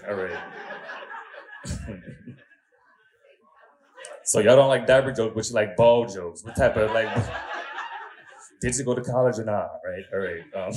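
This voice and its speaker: A man telling stand-up stories, animated and prone to loud, high exclamations. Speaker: stand-up comedian. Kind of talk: stand-up storytelling.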